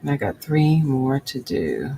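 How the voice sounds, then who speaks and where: A woman with a gravelly voice hosts a live crochet lesson, counting her stitches aloud at an unhurried pace. She chats with her viewers as she works, and a faint room hum sits behind her. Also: rumbling low, sing-song, mellow, low-quality recording. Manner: chatty, reads and answers live chat. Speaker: crochet livestream host.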